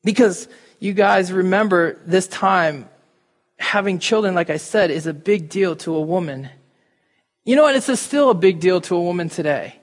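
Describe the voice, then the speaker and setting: Recorded in an echoing hall, this male pastor has a high, expressive voice and a moderate pace. He keeps his sermon casual, talking directly to the people in his church.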